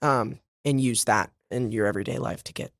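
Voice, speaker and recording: A man's voice: medium pitch, a little fast, fairly bright tone, no room sound, clean studio sound. A young man from Boston with a slight Boston accent, chatting casually as a podcast guest, laughing often and talking in fillers and restarts. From Boston, USA. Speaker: guest, stage actor. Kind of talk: casual interview chat.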